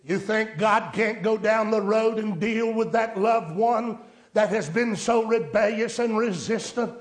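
A man's voice: high voice, unhurried, echoey room. A man preaching a sermon, telling a story in a down-home way and rising to emphatic pleas to his listeners. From rural United States.

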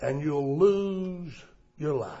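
A male preacher delivers a sermon, swinging between loud cries and hushed tones. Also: on the high side, animated, slow pace, highs cut off.

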